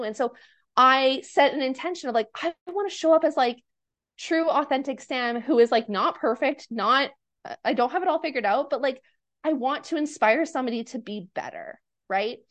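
A woman's voice: high-pitched, moderate pace, a bit bright. A young woman, a podcast guest and mindset coach, talking in a casual, earnest and upbeat way, full of "like" fillers, tired and a little nauseous. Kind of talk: casual interview chat.

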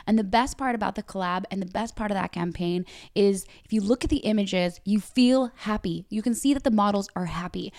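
A woman's voice: mid-range voice, a little mellow, dry recording, studio quality. A woman hosting a podcast interview, talking in an upbeat, gushing way. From Canada. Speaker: podcast host.

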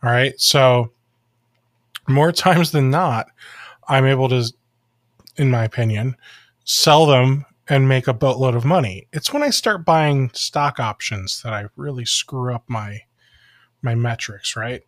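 Speaking a little slowly in a mid-range voice, this Ohio man hosts a podcast full of jokes, laughter and animated casual chat. There's no room sound on the recording.

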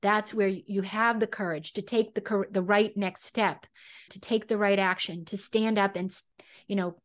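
A woman's voice: medium pitch, fairly even intonation, normal speed. A woman hosting an interview podcast, speaking in a casual, affirming way and often saying yes to her guest. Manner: warm affirming, frequent "yeah". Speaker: podcast host.

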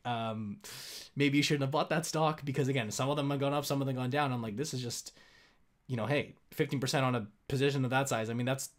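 A young man from Canada talks through his investments in a loose, conversational way. He leans on fillers and restarts, then hits his points with emphasis. His voice sits at an ordinary middle pitch. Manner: chatty, filler-heavy, emphatic. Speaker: investing channel host. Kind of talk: casual explainer talk.

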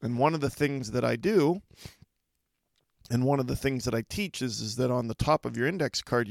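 A middle-aged man with a gravelly, creaky edge to his voice gives an earnest motivational podcast talk. He speaks slowly and reflectively, pausing often. The sound is close and dry, with no room around it. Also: mid-range voice, no echo. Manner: earnest, reflective, measured delivery with deliberate pauses. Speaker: podcast host.

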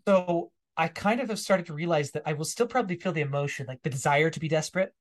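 A man being interviewed as a guest, talking reflectively in a relaxed, storytelling way and laughing now and then. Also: a little high, quick pace. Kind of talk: casual interview conversation.

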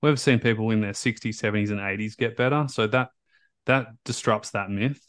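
A man hosting a podcast, telling a story in a casual, animated way, with many repeats and restarts as he acts out back-and-forth conversations in his own voice. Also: fairly low pitch, a little fast, clean tone, no room sound, clean studio sound. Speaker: podcast host and recovery coach.

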